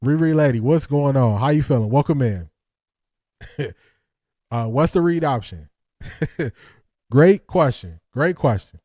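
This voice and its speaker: A man's voice: medium pitch, lively intonation, measured pace, long pauses, dark tone, dry recording, clean studio sound. A man hosting a football breakdown livestream, talking energetically and emphatically, repeating lines and laughing often. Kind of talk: casual livestream commentary.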